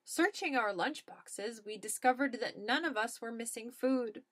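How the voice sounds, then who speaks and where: A woman's voice: fairly high pitch, unhurried. A woman reading a comic storybook aloud as narrator, with a dry, matter-of-fact delivery.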